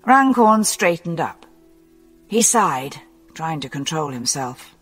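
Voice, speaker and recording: A narrator with a husky, medium-pitched voice reads a scripted mystery novel slowly, in a measured, expressive and animated way. Soft music plays underneath, and a long hall reverb surrounds the audiobook reading.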